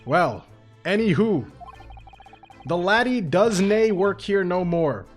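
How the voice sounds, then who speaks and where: A man reading a defensive older male prison governor aloud from a game, in a halting put-on Scottish dialect. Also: high-pitched, lively intonation, soft background music. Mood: gruff.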